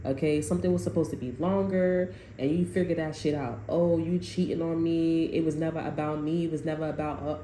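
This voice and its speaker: A woman giving a casual, animated tarot reading, full of profanity and asides to her viewers. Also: sits low, a little fast, few pauses. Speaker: tarot reader. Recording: echoey room, faint noise.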